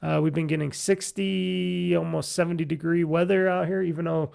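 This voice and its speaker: On his casual solo gaming podcast, a man talks at a moderate pace with a steady, darkish, fairly high voice. It comes across as nasal, gravelly, congested and tired. He rambles, restarting often and leaning on fillers.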